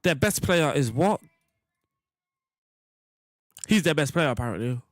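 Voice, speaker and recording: Young man, loose jokey gameplay chatter, raised pitch, dry close mic. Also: expressive, a little slow, no room sound. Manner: rambling, jokey, talks to chat. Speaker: gaming streamer. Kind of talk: casual gameplay commentary.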